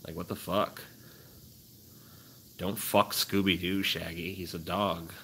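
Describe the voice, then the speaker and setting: A man streaming casually, rambling with profane, deadpan musings. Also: low-pitched, slow, slight background noise. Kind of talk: casual chat.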